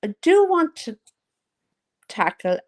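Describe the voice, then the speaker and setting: A woman's voice: high-pitched, big pitch swings, slow pace. A woman chatting casually to her viewers in a gossipy, teasing way, now and then putting on mocking voices. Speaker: vlogger. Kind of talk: casual chat to a live audience.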